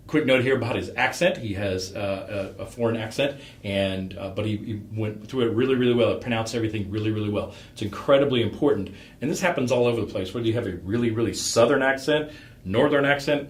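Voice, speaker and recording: A man with a fairly low voice critiques a startup pitch in a relaxed, rambling way, leaning on fillers. His voice carries a noticeable room echo. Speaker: pitch coach. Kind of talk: conversational critique.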